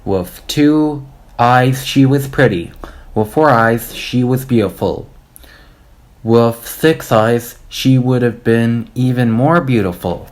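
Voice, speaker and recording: A man reading a children's storybook aloud, telling it in a slow, deliberate way. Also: medium pitch. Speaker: audiobook reader.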